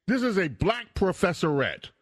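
A man's voice: sits high, sing-song, moderate pace, no echo. A man hosting a call-in radio talk show, emphatic and insistent, cutting in by repeating the caller's name from a studio mic. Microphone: studio microphone.

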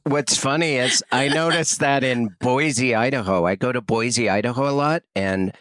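A man's voice: medium pitch, moderate pace, fairly bright tone, no room sound. A man co-hosting a podcast, telling rambling, playful stories in a casual chat. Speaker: podcast co-host.

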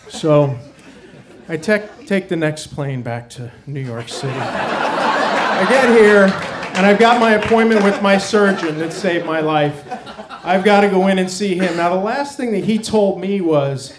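A man's voice: fairly high pitch, a little slow, a crowd in the background. Wry man telling a story on stage. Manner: wry, animated, quotes others in their voices.

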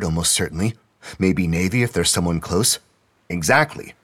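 A man narrating an audio drama and reading all the characters' lines in a steady storytelling manner. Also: sits low, husky, dry recording.

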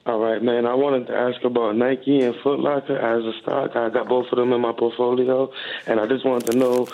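A man's voice: mid-range voice, level tone, moderate pace, darkish tone. A man calling in to a TV show with a casual, plain-spoken question. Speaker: caller. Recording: muffled phone-in line, light noise.

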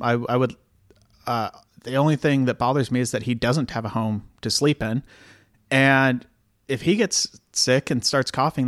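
A man hosting a casual podcast chat, talking in a halting way with frequent restarts. His voice sits mid-range and is recorded close and dry, with no room sound. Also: medium pitch, dry recording. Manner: rambling, halting, many restarts and laughs. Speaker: podcast host. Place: New York apartment.

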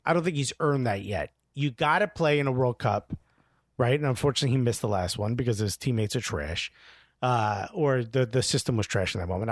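A man's voice: mid-range voice, no echo, studio quality. A man co-hosting a casual sports talk stream, bantering and joking. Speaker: podcast co-host. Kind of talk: casual chat.

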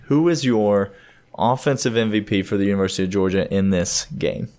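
A man in his thirties co-hosts a sports podcast with a fairly low, easygoing voice. He talks casually and animatedly, laughing often and acting out bits of dialogue in his stories. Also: brisk, darkish tone.

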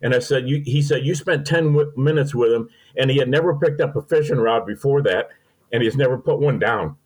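This podcast guest, an older Missourian, shares homespun, sentimental tales during an interview. His medium-pitched voice is brisk and a little mellow, captured on a poor-quality recording.

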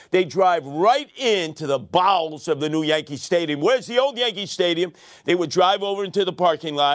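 Older New guy, high-pitched and very animated, theatrical sarcastic ranter, dry close mic. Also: no room sound. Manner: sarcastic, theatrical, swings between muttering and shouting. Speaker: radio commentary host. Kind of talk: opinionated monologue.

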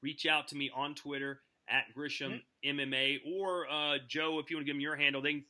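Male podcast host, very bright and slightly high voice, upbeat casual banter. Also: flat delivery, brisk.

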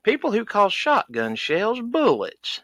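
Man putting on a folksy hunter character, exasperated rant, bright voice, swoops all over, dry sound. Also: a little high, very animated, moderate pace, dry recording, heavily acted. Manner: folksy, exasperated ranting with sighs and country grammar. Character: loud rural Southern male duck hunter, cranky, folksy. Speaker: recurring comedy character. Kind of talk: comedic podcast rant.

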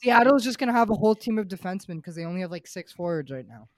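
A man chatting casually on a sports podcast, excitable and jokey, often trailing off quietly. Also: sits high, very fast, dry recording, studio quality. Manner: excitable, jokey, drifts quiet at line ends. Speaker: podcast co-host.

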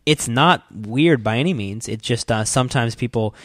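A man's voice: mid-range voice, normal speed, no room sound. A man co-hosting a casual live studio chat, playful and teasing, laughing easily. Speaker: podcast co-host. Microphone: studio microphone.

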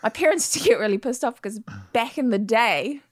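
A woman's voice: on the high side, animated, brisk, no room sound, studio quality. A woman in her forties from South Africa with an American accent, a chatty guest in a casual podcast chat who laughs easily. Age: 40s. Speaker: guest actor.

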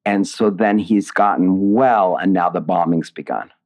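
Deep-voiced man, reflective and rambling. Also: measured pace, darkish tone. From Indiana, USA. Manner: reflective and digressive, with many restarts. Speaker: playwright and author being interviewed. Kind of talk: casual interview conversation.

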